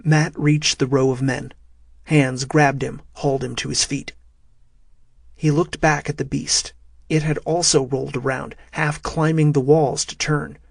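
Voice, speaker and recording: A man narrating a thriller audiobook in a steady, measured way. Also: mid-range voice, creaky, dry recording, studio quality.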